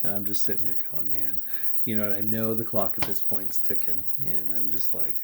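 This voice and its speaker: A man in his thirties tells a race story in a casual vlog. His voice sits low and sounds soft and warm. He rambles and reflects, breaking into quoted dialogue often. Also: little pitch movement, moderate pace, gravelly, a little hiss or hum. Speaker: triathlete vlogger.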